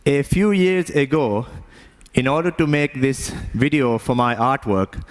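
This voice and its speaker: A man of middle pitch tells a personal story in a wry, anecdotal way. His delivery is plain and conversational. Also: unhurried, long reverb tail.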